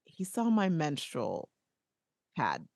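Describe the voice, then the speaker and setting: A woman's voice: deep voice, wildly swooping pitch, takes it slowly, gravelly, a little mellow, no echo, clean studio sound. A woman co-hosting a podcast in casual chat, playful and talkative. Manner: chatty, playful, slips into quoted voices. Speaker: podcast co-host.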